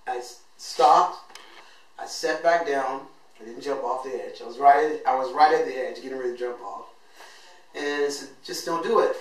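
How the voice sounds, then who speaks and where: A man earnestly telling his own life story as host, acting out what he said back then. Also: medium pitch. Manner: earnest and emotional, acts out his own past words. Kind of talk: personal storytelling monologue. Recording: echoey room, voice from a distance.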